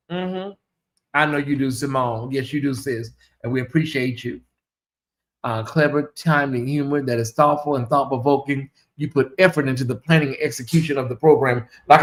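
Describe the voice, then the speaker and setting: A man hosting a casual livestream, reading viewer comments aloud and stretching out questions slowly for effect. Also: a little high, fairly bright tone. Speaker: livestream host.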